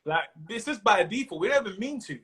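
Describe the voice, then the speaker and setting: Give me a lively London man with a high, bright voice. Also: fast. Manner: animated, slips into mimicked voices and laughs often. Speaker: comedian guest. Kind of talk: casual chat. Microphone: video call.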